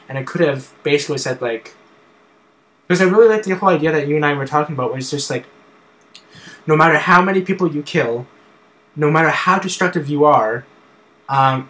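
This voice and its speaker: A man in a relaxed film chat, his voice sitting a little high for a man, and he stops and starts a lot, filling the gaps with "like" and "um". He sounds like a co-host thinking aloud. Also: poor audio. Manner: halting, many fillers and restarts. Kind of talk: casual film discussion.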